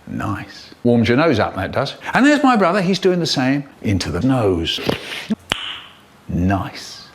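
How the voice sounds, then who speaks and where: A man telling comic stories in a theatrical, expressive way, spliced into a choppy cut-up edit with sudden vocal jumps. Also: medium pitch, slow, noisy background. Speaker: storyteller in a spliced comedy edit.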